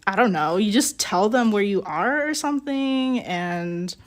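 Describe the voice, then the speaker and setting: A young woman talks at an unhurried pace while she works in her pottery studio. Her speech rambles, packed with fillers and small laughs, and her pitch sits in the middle range. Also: animated. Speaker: streamer working on ceramics. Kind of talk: casual chat while working.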